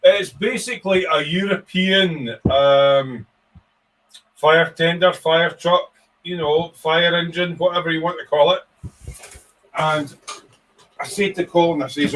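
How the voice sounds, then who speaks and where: A man's voice: a little high, unhurried, a bit bright. A man hosting a casual live stream, rambling cheerfully, swearing freely and reading out viewer comments.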